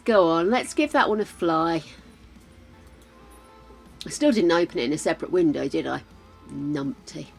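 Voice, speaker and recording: Here an older British woman chats with her stream audience during gameplay, laughing frequently and talking under her breath. She speaks in a mid-range voice with vocal fry and a sharp tone, and faint game music sits behind her.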